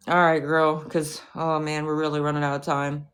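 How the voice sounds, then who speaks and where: A woman rants on her livestream, swearing freely and hitting back at a rival with open scorn. Her voice sits a little low for a woman. She mixes angry lines with mocking jabs aimed at the chat. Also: flat delivery, moderate pace, few pauses, a bit bright. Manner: profane, confrontational ranting.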